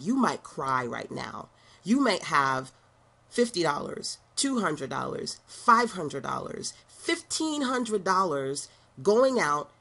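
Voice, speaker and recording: A middle-aged woman speaks as a motivational business coach in a sassy, preaching, conversational way. Her voice is husky and sits a little low for a woman. She drops slangy asides as she talks. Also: a bit bright. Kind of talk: motivational talk to camera.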